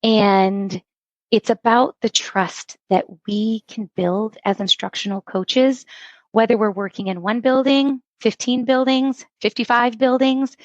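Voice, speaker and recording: Woman, middle-aged, guest on an interview, animated storytelling, dry sound. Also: a little high, a little slow, no room sound, highs cut off. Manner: animated storytelling, acts out quoted dialogue. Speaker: instructional coach, guest. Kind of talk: podcast interview.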